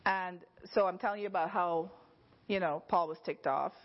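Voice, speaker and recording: A woman's voice: lowish voice, moderate pace. Woman giving a chatty sermon, lo-fi. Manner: conversational, often checks in with the listeners. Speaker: Bible teacher. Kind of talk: informal teaching sermon.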